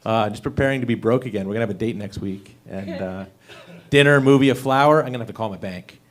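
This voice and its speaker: A man's voice: lowish voice, fast. A young man performing a stand-up set at an open mic, with an awkward, self-deprecating delivery full of fillers. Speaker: stand-up comedian. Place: comedy club stage.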